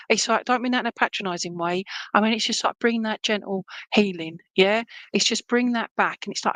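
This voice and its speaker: A woman's voice: fairly high pitch, fairly bright tone, no echo, poor audio. A woman giving live psychic readings to viewers, chatty and meandering, full of fillers and checks like "okay?". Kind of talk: live-stream reading, casual chat to viewers.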